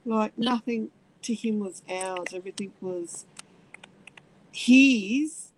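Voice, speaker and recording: A middle-aged woman, telling her personal story in halting speech with many restarts. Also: mid-range voice, slight background noise, rough recording. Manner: halting, many restarts, acts out voices in quotes. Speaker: interviewee.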